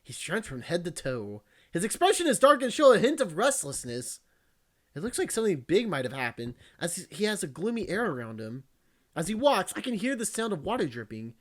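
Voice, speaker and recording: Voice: mid-range voice, very animated, brisk. A VTuber reading a visual novel aloud, breaking off for joking, crude, teasing asides and frequent laughs.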